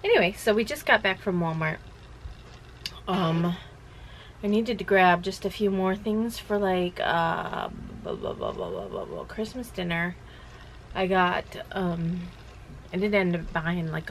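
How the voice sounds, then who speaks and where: A woman's voice: fairly low pitch, low-quality recording. Chatty woman vlogging from home, hum behind. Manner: chatty, rambling, laughs often. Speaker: vlogger running a shirt business. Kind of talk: casual home vlog chat.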